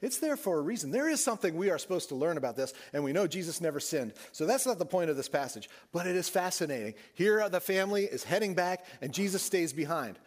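A man preaching a sermon, telling the story with animated swings and dropping his voice soft for emphasis. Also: high voice, fast, hardly any pauses. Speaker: pastor.

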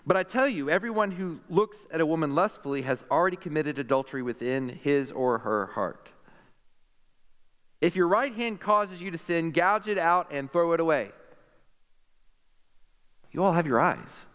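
A man preaching a sermon in a fairly high voice, animated and quick to joke with the congregation. His voice rings with the long reverb of a church hall. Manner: animated, jokey preaching with quick asides to the crowd. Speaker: pastor.

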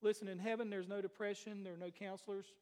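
A high-pitched man preaching to his congregation. He moves from booming statements to quiet, intimate asides and keeps asking the room questions. His voice rings with the long reverb of a big church hall. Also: level tone, quick pace. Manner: swings between loud declarations and hushed asides, with many rhetorical questions. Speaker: pastor. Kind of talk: sermon. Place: church sanctuary.

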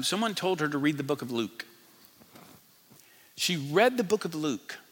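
A man preaching a sermon as pastor, emphatic, rising loud and dropping to a hush. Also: on the high side. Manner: emphatic, swings between loud and hushed. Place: large church hall. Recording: long hall reverb.

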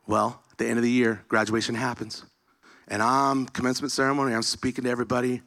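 Male preacher, bright tone, lively personal storytelling sermon. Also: medium pitch, quick pace, gravelly. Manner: animated storytelling, acting out dialogue. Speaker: speaker.

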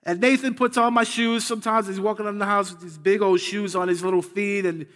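A man's voice: high voice, steady tone, a little fast, a bit bright. Fervent male preacher in a reverberant church. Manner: conversational, builds to fervent repeated phrases. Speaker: pastor. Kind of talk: sermon.

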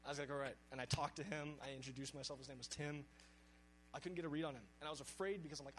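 A young man gives a sermon built around a personal story, earnest and animated as he acts out his own inner dialogue. His voice sits a little high for a man, and a faint hum runs underneath. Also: rapid-fire, low-quality recording. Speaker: preacher.

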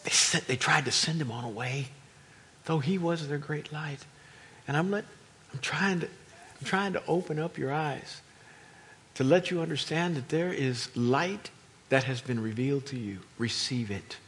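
A man preaching a sermon to a congregation, moving between quiet explanation and loud, emphatic delivery. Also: on the high side, measured pace, slight background noise. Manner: dynamic, swings from quiet to loud, acts out crowd voices.

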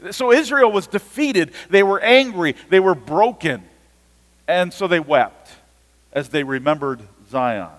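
A man's voice: sits high, fairly bright tone, big-room sound. A man preaching an earnest sermon as a pastor, often repeating and restarting his words.

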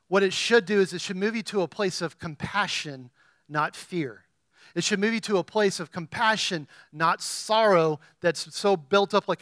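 Man preaching, high-pitched, questioning the crowd, loud emphatic peaks, dry recording. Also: normal speed, no echo. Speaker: pastor. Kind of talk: sermon.

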